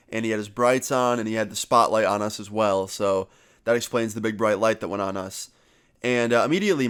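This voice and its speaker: A young man vlogger telling a story in a casual, animated way and swearing freely. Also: lowish voice.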